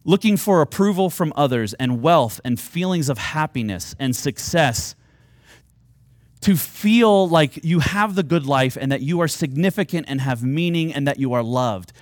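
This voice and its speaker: A man's voice: on the high side, animated, normal speed, no room sound, clean studio sound. A man preaching a sermon, earnest and at times rising to fervent, pleading appeals. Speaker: pastor.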